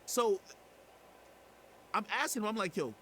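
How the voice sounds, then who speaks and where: A man telling a story in casual chat as a guest, animated and indignant. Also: high-pitched, unhurried, slight background noise.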